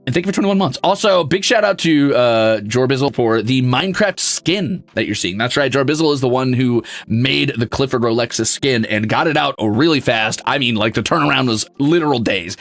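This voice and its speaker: A young man streaming casually, reading chat messages aloud, excitable and swearing freely. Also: mid-range voice, fairly quick, hardly any pauses.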